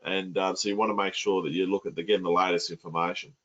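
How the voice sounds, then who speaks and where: A man's voice: low-pitched, level tone, fast talker, fairly bright tone, muffled recording. A man coaching property investment in an online masterclass, blunt and colloquial.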